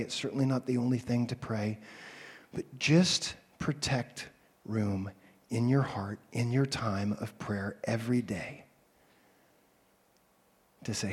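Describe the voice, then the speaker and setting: Husky-voiced man preaching a sermon. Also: medium pitch. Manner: swings from loud animated calls to soft hushed whispers. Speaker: pastor.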